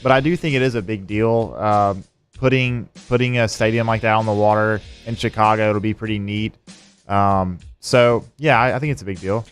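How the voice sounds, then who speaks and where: A man with a lower, clear voice chats as a co-host on sports radio. He hesitates and thinks aloud, with ums and restarts. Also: steady tone, normal speed, soft background music. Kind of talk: casual sports talk.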